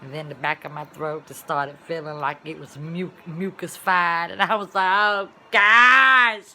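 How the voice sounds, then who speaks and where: Bright-voiced woman telling a lively story. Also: low-pitched, normal speed, slight background noise. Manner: animated, colloquial storytelling with sudden loud exclamations. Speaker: vlogger. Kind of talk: casual storytelling vlog.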